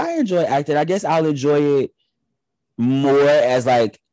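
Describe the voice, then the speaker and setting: A young man from the Detroit area chatting as a podcast guest, telling animated stories. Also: fairly high pitch, a little slow, no echo, poor audio. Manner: animated storyteller, acts out family voices. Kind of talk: casual chat.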